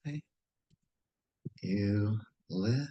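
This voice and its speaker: Low-voiced guy talking slow, working thru a puzzle out loud, kinda questioning himself. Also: highs cut off. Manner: musing, self-questioning, casual. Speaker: puzzle solver. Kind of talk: thinking aloud while solving a puzzle.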